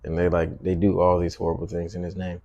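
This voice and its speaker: A man's voice: deep voice, monotone, fast, warm tone, dry recording, lo-fi sound. A man co-hosting a casual chat, mostly agreeing and chiming in.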